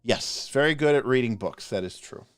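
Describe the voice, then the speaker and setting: A man co-hosting a live stream, ranting passionately in a casual, animated way with frequent restarts. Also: medium pitch, moderate pace, no room sound, studio quality. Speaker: podcast co-host reviewing game spells.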